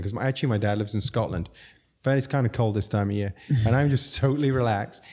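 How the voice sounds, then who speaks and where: A middle-aged restaurateur on a podcast talks quickly in a low-sided voice, barely pausing. He chuckles through lively, casual stories.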